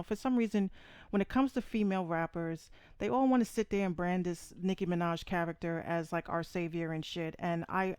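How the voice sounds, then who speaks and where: A woman's voice: medium pitch, clean tone, no room sound, clean studio sound. Blunt, profane woman podcast host. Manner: blunt, profane, emphatic, repeats points. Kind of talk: opinionated live podcast rant.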